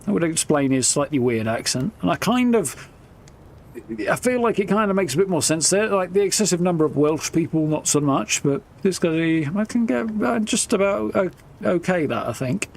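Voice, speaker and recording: A man's voice: high-pitched, animated, moderate pace, vocal fry. A man giving casual, rambling live gameplay commentary, thinking aloud. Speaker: streamer.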